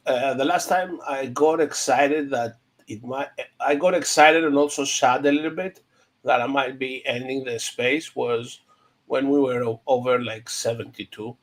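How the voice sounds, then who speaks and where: A man's voice: medium pitch, fairly bright tone. A man on a casual panel chat, speaking hesitantly with many fillers and a voice that trails off.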